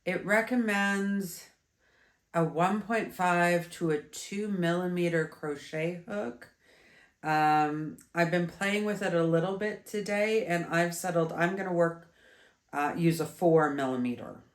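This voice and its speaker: A woman in her thirties reviews yarn in a slow, unhurried ramble, full of ums and restarts. Her voice sits low and sounds a little stuffy. The recording carries a roomy echo. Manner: chatty, meandering, with many fillers and restarts. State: stuffy, congested. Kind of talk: casual video review.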